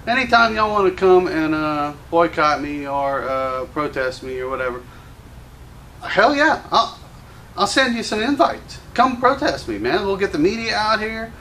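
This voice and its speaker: A man's voice: high-pitched, very animated, normal speed, sharp tone, a little hiss or hum. A man who owns a gun store, ranting to camera in an angry, combative, profane commentary. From Louisiana. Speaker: gun store owner and show host.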